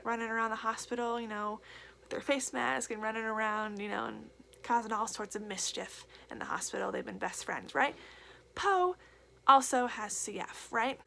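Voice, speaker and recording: A young woman chats through a book review in a casual vlog, gushing, emotional and full of fillers. Her voice has a gravelly edge, and faint noise sits under the recording. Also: fairly high pitch, bright, forceful tone. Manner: gushing, emotional, repeats herself with many fillers.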